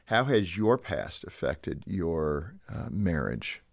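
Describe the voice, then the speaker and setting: A lower-pitched man leads a studio interview, steering a couple through probing questions and cutting in with short agreements. He is recorded close and dry, with no room sound. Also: big pitch swings, takes it slowly, creaky, no echo. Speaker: radio show host interviewing a couple.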